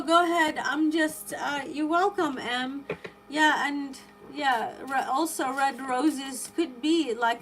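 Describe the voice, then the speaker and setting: A woman's voice: high-pitched, fairly bright tone, a little hiss or hum, low-quality recording. A woman running a live tarot stream, chatting with viewers and reacting with lots of exclamations and rambling restarts. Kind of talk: live stream chat reading viewer comments.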